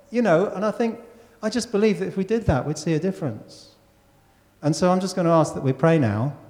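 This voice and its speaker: Guy preaching in a church, mellow voice a bit high, long echo in the hall. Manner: conversational, asks the congregation questions. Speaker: pastor. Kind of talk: sermon.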